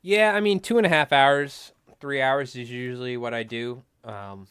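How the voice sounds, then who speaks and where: A man from New York with a New York accent, hosting a casual livestream and rambling through jokes without a pause. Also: mid-range voice, a bit bright, smooth, dry recording, studio quality. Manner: rambling, joking, talks nonstop. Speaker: livestream host.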